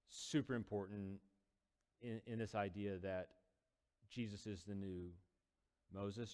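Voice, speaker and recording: Relaxed man telling a story in a reverberant room. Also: lowish voice. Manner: conversational, many fillers, acts out quoted lines. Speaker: teacher retelling a scripture story. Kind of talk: casual storytelling lesson.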